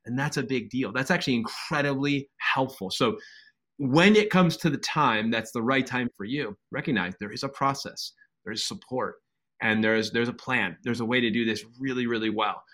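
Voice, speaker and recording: A man's voice: mid-range voice, moderate pace, a bit bright. A man co-hosting a podcast, reflecting earnestly on his own experience and repeating words for emphasis. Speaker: podcast co-host, chiropractor. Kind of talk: conversational podcast discussion.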